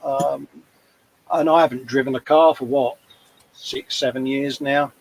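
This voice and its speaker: Husky East London man in his fifties. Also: mid-range voice, fairly even intonation, a little slow, low-quality recording. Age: 50s. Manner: chatty, rambling anecdotes with frequent restarts. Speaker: co-host of a model-building livestream. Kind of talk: casual chat.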